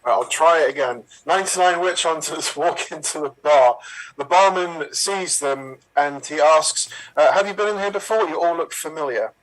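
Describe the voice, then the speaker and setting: A man's voice: a little high, normal speed, fairly bright tone, poor audio. A man in an improv game telling joke setups hesitantly, stopping to correct himself. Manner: hesitant, with ums and self-corrections. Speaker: improv performer.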